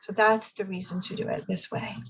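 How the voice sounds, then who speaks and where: A woman's voice: medium pitch, level tone, fairly quick, slightly rough, poor audio. A woman life coach leading a class over a video call, giving steps and checking that everyone follows. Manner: coaching, encouraging, checks understanding. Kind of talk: online class instruction.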